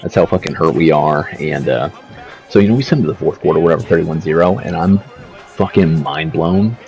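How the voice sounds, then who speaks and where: With a gravelly, somewhat mellow bass voice and a slightly fast pace, a man riffs over his gameplay from his home setup for a gaming video. The commentary is rambling, profane and slangy, with soft music in the background and a slightly dull lo-fi mic.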